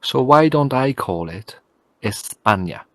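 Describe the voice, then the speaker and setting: A man's voice: mid-range voice, lively intonation, slow, dry recording. A man co-hosting a casual podcast chat, blunt and jokey as he argues his points. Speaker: podcast co-host.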